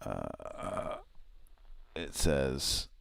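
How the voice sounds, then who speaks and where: A man's voice: rumbling low, big pitch swings, very slow, gravelly, a bit bright, no room sound, clean studio sound. A man hosting a live prank-call show, mumbling casual asides that trail off to himself. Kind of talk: casual live-stream chat.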